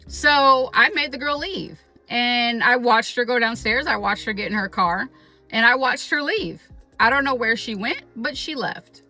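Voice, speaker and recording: A woman telling a personal story in a casual, animated way, swearing often and acting out what people said. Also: on the high side. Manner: animated, profane, quotes people in raised voice. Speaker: vlogger.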